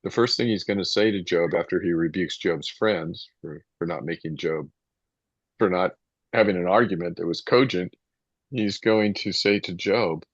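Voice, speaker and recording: A man's voice: deep voice, moderate pace, no echo. A man teaching a casual Bible study to a small group. He talks in a rambling, conversational way, restarting sentences and reading scripture aloud. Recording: muffled, dull lo-fi sound.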